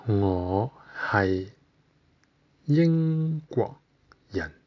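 A man from Britain teaching a beginner language lesson, saying each word slowly and pausing long for the listener to repeat. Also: fairly low pitch, animated, lo-fi sound. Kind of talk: slow, deliberate language lesson.

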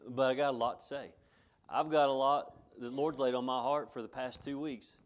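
A middle-aged man preaches to his church in a folksy, homespun way. He circles back over his phrases and chuckles between points. His voice sits at a medium pitch. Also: steady tone, moderate pace. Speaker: pastor. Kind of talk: sermon.

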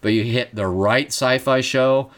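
A podcast co-host in casual chat, talking haltingly with many restarts as they search for words. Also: mid-range voice.

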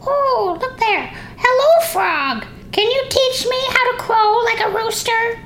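A performer voicing Bob, a young rooster who is eager and earnest, in a soft, hesitant storybook voice. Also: very high-pitched, expressive, takes it slowly, slight background noise, heavily acted. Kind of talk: storybook reading. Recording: echoey room.

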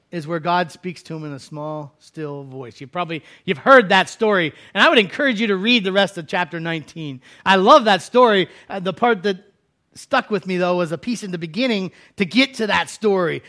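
Bright-voiced preacher, loud to hushed. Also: male voice. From United States. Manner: conversational preaching, swings from loud acted cries to hushed low lines. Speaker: pastor. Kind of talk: sermon.

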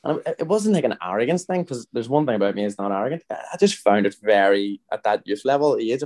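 A man's voice: medium pitch, lively intonation, quick pace, darkish tone. A Northern Irish man in his thirties, a podcast guest telling a long story in a chatty, rambling way, acting out the other people's lines. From Northern Ireland. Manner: chatty, rambling, frequent restarts and quoted dialogue. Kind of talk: casual storytelling chat.

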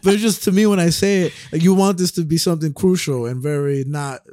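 A man's voice: on the high side, fairly even intonation, fast talker, mellow. A young man co-hosting a podcast in casual chat, laid-back and rambling, swearing and laughing often. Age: young adult. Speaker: podcast co-host.

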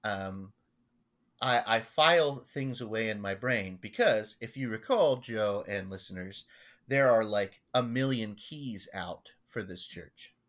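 Rambling pastor telling stories on a podcast. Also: male voice, on the low side, lively intonation, fairly bright tone. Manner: rambling, halting, many restarts. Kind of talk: casual storytelling chat.

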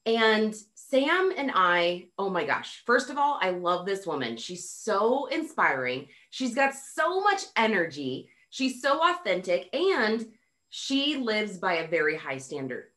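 A woman's voice: medium pitch, very animated, slow, a bit bright. A woman hosting a podcast interview, gushing and effusive, with a mixed Montana, Canadian and Midwestern accent. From North America. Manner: gushing, effusive, lots of exclamations. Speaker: podcast host.

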